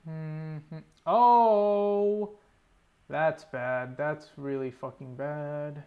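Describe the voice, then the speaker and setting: A young gaming YouTuber gives live commentary over his gameplay in a running, exasperated stream, swearing often and muttering to himself. His voice is a little high for a man, his pace unhurried, and the sound phone-quality.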